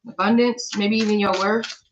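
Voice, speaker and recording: A woman reads cards in a casual, blunt way, swearing freely and laughing at herself. Her voice sits at an ordinary middle pitch. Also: fairly even intonation, moderate pace, dull audio, slight background noise. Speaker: tarot reader. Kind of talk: casual spiritual card reading.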